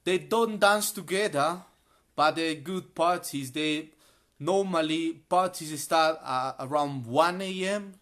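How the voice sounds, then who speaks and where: A man who is a guest in a live online English class, chatting in a friendly, relaxed way and explaining things plainly. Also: a little high, slow. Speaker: guest sharing travel tips.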